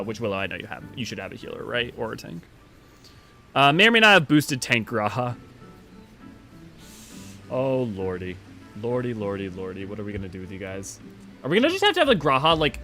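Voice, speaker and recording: A man's voice: mid-range voice, sing-song, quick pace, bright, forceful tone, faint music behind. A man hosting a game live stream, chatting casually with viewers in a rambling way while he organizes a group. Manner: rambling, talks to chat while organizing a party.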